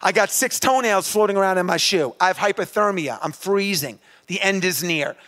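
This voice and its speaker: A man telling a motivational story on stage in a lively, animated way that builds to shouting. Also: high-pitched, normal speed. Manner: animated, rising to shouts at the climax. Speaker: motivational speaker. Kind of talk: live motivational storytelling talk.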